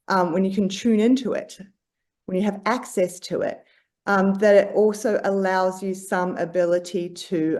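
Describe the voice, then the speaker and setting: Searching for her words, this Australian podcast guest restarts often and uses plenty of fillers during a reflective conversation. She has a mid-range voice with a darkish tone.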